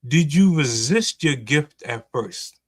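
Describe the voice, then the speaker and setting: A man's voice: on the high side, lively intonation, slow, breathy edge, no room sound. A man interviewing a guest, asking his questions in a casual, rambling way. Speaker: magazine interviewer.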